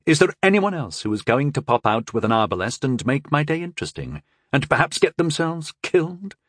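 A stern young knight mage, as a male narrator puts him on, brusque and commanding. His orders come in a raised, higher voice with lively swings in pitch. The sound is close and dry. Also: a little fast, no echo. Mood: gruff.

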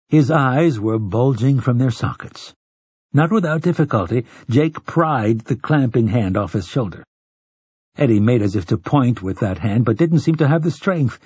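A man narrating an audiobook in a measured, even storytelling manner, with a husky voice. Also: mid-range voice, dry recording. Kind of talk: scripted narration.

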